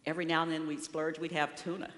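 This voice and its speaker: A woman in her sixties giving a sermon as guest speaker in a church sanctuary, telling a personal story in an expressive storytelling way. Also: sits low, quick pace, slight background noise. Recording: long reverberant hall.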